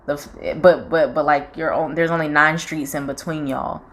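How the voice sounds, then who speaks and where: A young woman with a Southern accent talks in a casual, frank way, her voice sitting low. She keeps talking at length and drops in quoted voices as she goes. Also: steady tone, moderate pace, fairly bright tone. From North Carolina, US. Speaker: channel co-host. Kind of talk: casual chat.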